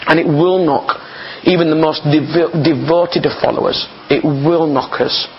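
A man preaches an informal sermon earnestly and conversationally, often repeating his words as he goes. His fairly high voice has fairly even intonation at a normal speed, and the recording is slightly dull and muffled with slight background noise.

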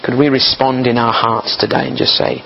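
A man's voice: medium pitch, flat delivery, normal speed, vocal fry, a little hiss or hum. A man preaching an informal sermon in an earnest, conversational way, often repeating his words as he goes. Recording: slightly dull, muffled recording.

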